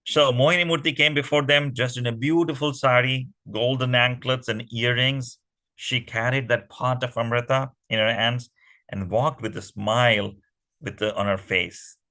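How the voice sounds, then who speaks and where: A man telling a myth to a children's class, animated and often asking the kids questions. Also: medium pitch, moderate pace, rough recording. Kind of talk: storytelling to children.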